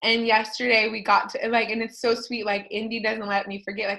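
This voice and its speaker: A woman in her thirties, a podcast host, talking casually to her listeners in a rambling, animated way, full of fillers and tangents. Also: fairly high pitch, a little fast, gravelly, poor audio. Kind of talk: casual personal talk to listeners.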